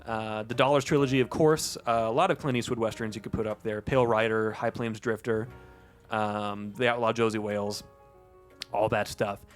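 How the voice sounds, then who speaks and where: A man's voice: fairly low pitch, steady tone, moderate pace, faint music behind. A man co-hosting a casual podcast, rambling and joking as he talks about movies. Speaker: podcast co-host. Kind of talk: casual chat.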